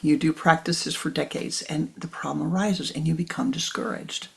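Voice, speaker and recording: Older female spiritual teacher; low, gravelly, soft-spoken voice that drops to near whispers and repeats for emphasis. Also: fairly even intonation, moderate pace, a little hiss or hum.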